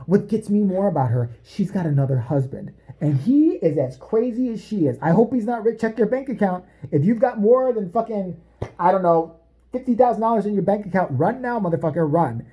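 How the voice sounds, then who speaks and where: Woman vlogger, swearing sarcastic rant, swooping animated pitch, mellow tone. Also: fairly quick. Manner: foul-mouthed, animated, sarcastic, jumps between topics. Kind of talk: profane comedic rant.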